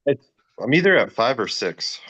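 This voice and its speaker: A man's voice: medium pitch, very animated, normal speed, pushed and bright, husky, no room sound, rough recording. A man in casual chat on a team video call, joking in a dry way.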